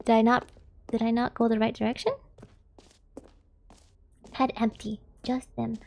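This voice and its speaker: Giggly high-voiced American woman streamer. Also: level tone, unhurried, creaky, a little mellow. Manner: giggly, chatty, laughs often. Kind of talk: casual live-stream chat.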